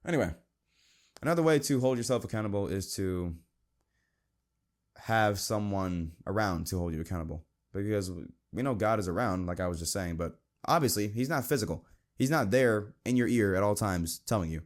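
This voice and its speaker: A man's voice: expressive, normal speed. Earnest young man hosting a faith podcast. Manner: earnest, conversational, quotes scripture, mimics friends in a high voice. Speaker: podcast host. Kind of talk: casual Christian podcast talk.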